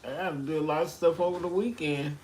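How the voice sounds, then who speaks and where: Animated woman chatting casually. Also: low-pitched, fast, a little hiss or hum. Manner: animated, swings between loud and hushed. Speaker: tarot reader. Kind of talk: casual chat.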